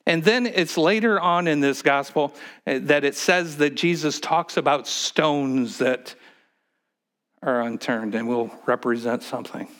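A man preaching a sermon, swinging between loud, emphatic stretches and hushed, whispered ones. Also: on the high side, unhurried. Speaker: pastor.

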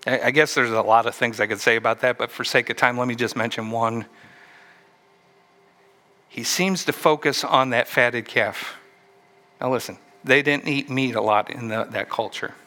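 A man's voice: mid-range voice, moderate pace, bright, forceful tone. A man preaching a sermon, retelling a story and asking the listeners questions along the way. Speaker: pastor.

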